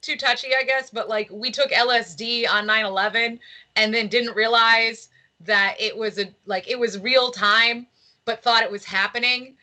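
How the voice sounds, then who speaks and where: A woman's voice: on the high side, steady tone, normal speed, bright, forceful tone. A woman from New York, a guest comedian on a podcast, chatting casually and riffing on jokes with frequent laughter.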